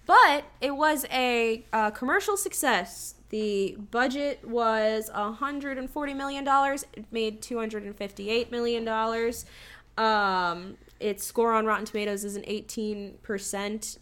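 Young woman, high-pitched, animated, swearing, casual podcast chat. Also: unhurried. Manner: animated, swears freely, breaks into laughter. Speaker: podcast co-host.

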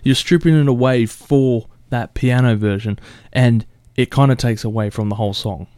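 A man's voice: medium pitch, normal speed, mellow, smooth, no room sound. A man casually reacting to a song cover, blunt and swearing often, with short laughs. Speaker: music reaction host.

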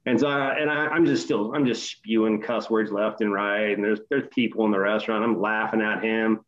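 Man, middle-aged, lively profane storyteller, muffled lo-fi sound. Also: on the low side, brisk. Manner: animated, profane retelling, voice rising in quoted outbursts. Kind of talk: casual chat.

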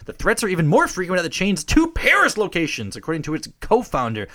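A man co-hosting a casual podcast, chatting and reading news aloud with quick laughing asides. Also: sits high, wildly swooping pitch, sharp tone. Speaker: podcast co-host.

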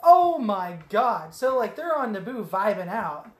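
A man's voice: high voice, big pitch swings, a little slow. Profane man rambling through a movie recap. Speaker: podcast co-host. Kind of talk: casual podcast chat. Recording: echoey room.

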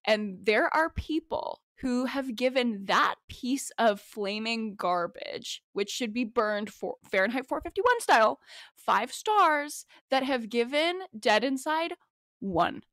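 A woman's voice: on the high side, expressive, slow pace, fairly bright tone, no room sound. A woman guest on a podcast chatting casually, emphatic and dramatic, repeating words for effect. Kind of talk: casual chat.

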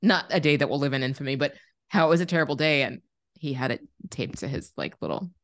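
Woman co-host, low voice, blunt casual talker with a salty mouth, close and dry. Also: animated, dry recording. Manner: blunt, swears freely, quick reactions. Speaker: podcast co-host. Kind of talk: casual chat.

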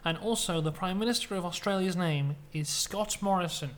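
A British man co-hosting a podcast, telling a made-up comic story in a playful, deadpan way. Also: sits high, moderate pace, a little hiss or hum. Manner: playful, deadpan tall tales. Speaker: podcast co-host.

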